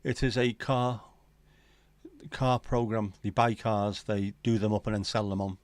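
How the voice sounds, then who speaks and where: A middle-aged livestream host talks a little slowly, his voice on the low side with fairly even intonation, captured in a dry recording. He works through the chat with rambling, jokey pub-style banter.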